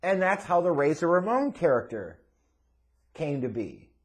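A man's voice: a little high, very animated, a little slow. A man hosting a wrestling commentary channel, delivering an opinionated monologue in an emphatic, blunt way with casual swearing.

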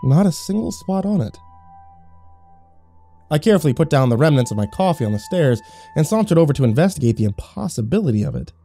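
Dude narrating a creepy story all sarcastic, warm low-key voice, soft music under it. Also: male voice, very animated, quick pace, creaky. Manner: wry, sarcastic first-person telling. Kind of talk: scripted horror story narration.

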